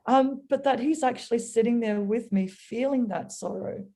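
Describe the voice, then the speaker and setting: Woman guest, warm mellow tone, earnest storyteller sharing a reflection on faith. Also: on the high side, moderate pace. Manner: earnest, storytelling, acts out voices. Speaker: guest speaker.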